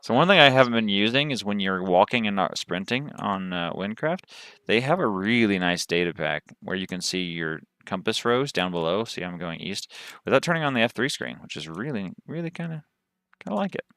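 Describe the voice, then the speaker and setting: Chatty lively-voiced male game streamer. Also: on the low side, a little fast, smooth, dry recording. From southern United States. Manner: chatty, rambling, thinks aloud while playing. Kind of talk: gaming livestream commentary.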